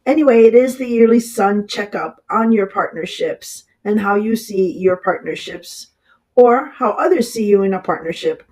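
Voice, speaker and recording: An astrologer with a cold and a raspy voice, giving a casual horoscope reading that rambles, with many fillers and restarts, and often apologizing. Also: mid-range voice, normal speed, darkish tone, low-quality recording. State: has a cold.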